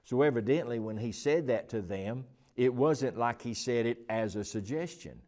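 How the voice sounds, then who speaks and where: Mellow and animated, with a mid-range voice at a moderate pace, this man gives an informal Bible teaching chat. Rambling with many fillers and frequent restarts, he comes down emphatically on the points he wants to stress.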